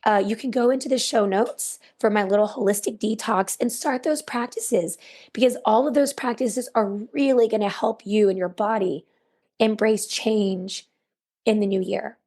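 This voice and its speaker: A woman hosting a self-help podcast, earnest and repeating key phrases, her voice raspy and worn. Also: fairly high pitch, moderate pace, darkish tone. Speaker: podcast host. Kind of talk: encouraging self-help monologue.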